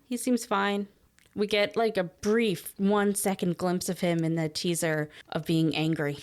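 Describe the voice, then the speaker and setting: A woman's voice: lowish voice, little pitch movement, a little slow. A woman in a casual podcast chat, co-hosting and explaining things at length in a chatty, opinionated way. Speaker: podcast co-host.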